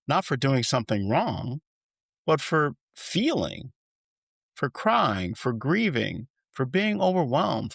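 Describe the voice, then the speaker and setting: Earnest low-voiced male podcast host. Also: no echo, clean studio sound. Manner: earnest, gentle and reflective, rising with emphasis when listing. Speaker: podcast host and life coach. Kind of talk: reflective solo podcast monologue.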